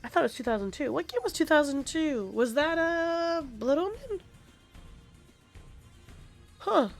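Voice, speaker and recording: A woman's voice: sits high, lively intonation, measured pace, soft background music. A woman streaming a game, chatting casually in a rambling, profane and passionate way. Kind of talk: casual gaming stream chat.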